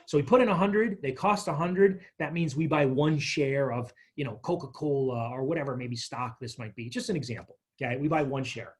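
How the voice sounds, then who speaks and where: A man presenting a financial literacy workshop, walking listeners through a workbook in an energetic, chatty way with little stories. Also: mid-range voice, brisk, hardly any pauses, breathy edge. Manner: energetic, chatty, tells stories with acted quotes.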